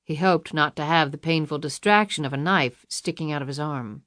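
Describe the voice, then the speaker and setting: A woman reading a suspense novel audiobook in a measured, dramatic narration. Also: deep voice, fairly bright tone, no room sound, clean studio sound. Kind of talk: scripted thriller narration.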